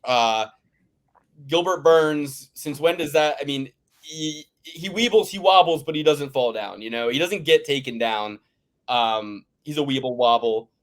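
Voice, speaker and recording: A man's voice: fairly high pitch, unhurried. A man from the Philadelphia area rambles through a casual sports chat. He rants hard, swears freely and restarts his sentences often. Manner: ranting, profane, rambling with restarts. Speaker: podcast host.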